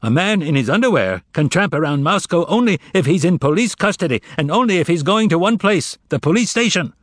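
A man's voice: fairly high pitch, lively intonation, fairly quick, dry recording, studio quality, voice pushed up. A man voicing a stern, cold restaurant manager who gives commanding orders like a pirate captain.

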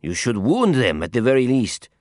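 A man voicing a calm, commanding Frenchman who talks in a clipped, quietly insistent way. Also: mid-range voice, normal speed, no echo, studio quality. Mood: cool, insistent. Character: cool, dangerous Frenchman with a calm, commanding manner.

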